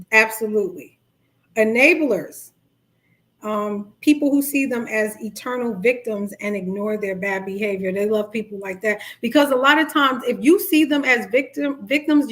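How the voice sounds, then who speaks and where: A middle-aged woman life coach, talking casually to a live-stream audience and acting out quoted dialogue. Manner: chatty, animated, acts out quoted dialogue in high voices. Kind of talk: live-stream talk on narcissistic abuse.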